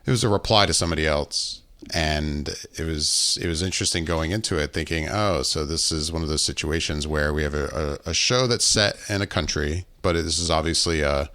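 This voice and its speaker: A man's voice: extremely low pitch, brisk, hardly any pauses, bright, forceful tone. A man co-hosting a podcast, chatting casually and laughing through his points. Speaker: podcast co-host. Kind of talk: casual chat.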